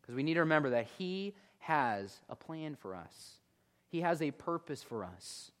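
Guy preaching a sermon, kinda high voice, chatty and lively, talks right to the folks. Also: measured pace, smooth. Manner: conversational, animated preaching that addresses the listeners as folks.

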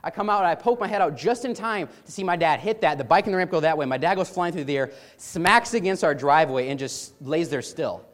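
A man's voice: on the high side, expressive, a little fast, hardly any pauses. A man casually telling an amused personal anecdote with many restarts. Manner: chatty, amused, frequent restarts. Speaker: storyteller.

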